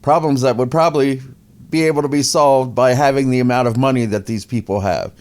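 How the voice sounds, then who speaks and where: A man's voice: medium pitch, steady tone, brisk, a little mellow. A man casually mocking a news story as a podcast host, laughing often and repeating himself. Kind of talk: casual opinion commentary.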